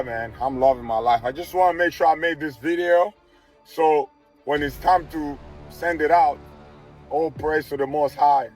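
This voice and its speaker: A relaxed man records a video message full of religious thanks. His voice sits a little high. Faint music runs under him.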